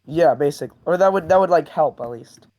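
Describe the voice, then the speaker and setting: A man's voice: fairly high pitch, a little fast, mellow. A man calling in to a live show with questions, speaking hesitantly with many filler words. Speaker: caller. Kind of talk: casual phone-in question.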